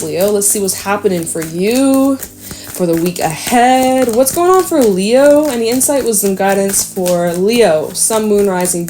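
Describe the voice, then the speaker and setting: A woman's voice: mid-range voice, a little mellow. Chatty woman giving a tarot reading. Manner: chatty, rambling, swears freely, laughs often. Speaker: tarot reader. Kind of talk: casual tarot card reading.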